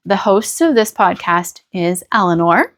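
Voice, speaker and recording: An American woman hosts her own knitting podcast in a relaxed, chatty way. She gushes and rambles, restarting her sentences as she goes. Her voice sits at a middling pitch. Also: measured pace. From United States. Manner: chatty and gushing, with small restarts and laughs. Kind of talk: casual chat to camera.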